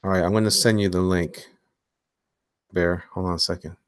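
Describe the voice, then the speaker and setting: A man hosting a casual live stream from his home studio while drawing, talking in slang and swinging between hyped greetings and low mumbles. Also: normal speed, clean tone, dry recording. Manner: animated, slangy, hyped one moment and mumbling low the next. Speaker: livestream host and comic illustrator.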